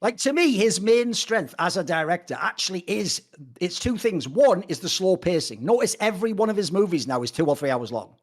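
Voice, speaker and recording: A man hosting a podcast, giving animated, profane opinions in a casual film review chat. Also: sits high, a little fast. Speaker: podcast host.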